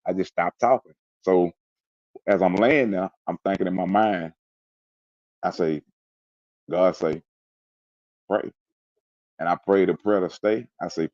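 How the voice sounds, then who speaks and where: In a casual interview chat, a male guest with a low, slightly mellow voice tells a story from his own life, taking his time and pausing often. He delivers it intensely and emphatically, sometimes voicing sound effects. The audio is lo-fi without any echo.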